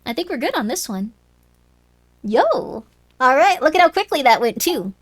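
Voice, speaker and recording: A woman's voice: high voice, sing-song, moderate pace. A woman streaming a game live, chatting playfully and reading the on-screen text aloud. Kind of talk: live-streamed gameplay commentary.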